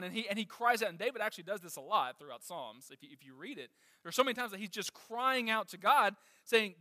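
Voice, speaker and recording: A man delivers a sermon in a high, bright voice, climbing in pitch and force whenever he reads scripture aloud. He speaks straight to the congregation and asks them questions. The sound is dry and close. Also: animated, brisk, no room sound, in a large hall. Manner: passionate preaching, rising when reading scripture. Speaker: pastor.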